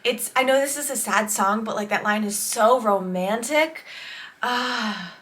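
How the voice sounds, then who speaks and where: Bright-voiced enthusiastic woman songwriter. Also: a little high, unhurried. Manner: enthusiastic, explains songwriting tips. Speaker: songwriter reacting to an album. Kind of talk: casual reaction commentary.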